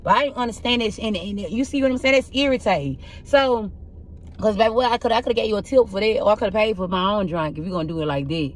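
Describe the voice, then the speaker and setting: Woman, rough husky voice, mid-pitched, blunt profane storyteller, casual tarot reading, faint hiss behind. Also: fast. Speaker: tarot reader.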